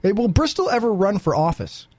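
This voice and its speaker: A man's voice: sits high, sing-song, a little fast, darkish tone. A man hosting a morning radio show in a studio, teasing his co-host and cracking jokes. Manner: teasing, joking. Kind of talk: casual morning radio banter. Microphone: studio microphone.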